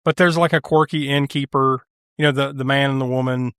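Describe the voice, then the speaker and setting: A podcast co-host retells a film scene by scene in a casual movie review chat, laughing often, swearing and acting out lines in funny voices. His mid-range voice is clean in tone and a little fast. The studio sound is clean, without echo.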